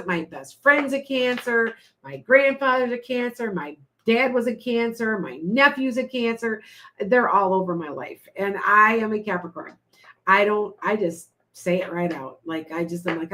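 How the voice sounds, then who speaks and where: A middle-aged woman, a tarot reader, chatting casually with live-stream viewers, blunt and quick to laugh. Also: mid-range voice, sharp tone, a little hiss or hum. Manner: blunt, chatty, laughs often, reads viewer comments aloud.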